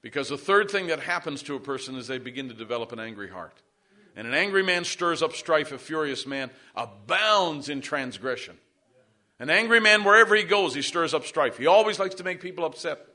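Bright-voiced preaching pastor, a man. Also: a little high, expressive, fairly quick. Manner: preaching with rising emphasis, asks the congregation for amens. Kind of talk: sermon.

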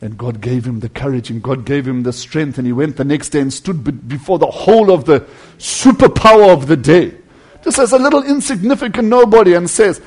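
A male preacher giving a sermon, swinging between loud emphatic passages and hushed near-whispers, earnestly calling his listeners friends. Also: on the high side, expressive, brisk, slightly rough.

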